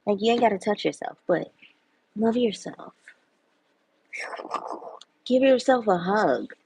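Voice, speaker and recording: A woman's voice: mid-range voice, lively intonation, slow, vocal fry, darkish tone, slightly rough, no echo, rough recording. A woman chatting on a live stream in a playful, sing-song way, full of giggles and repeated catchphrases. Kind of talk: casual live stream chat.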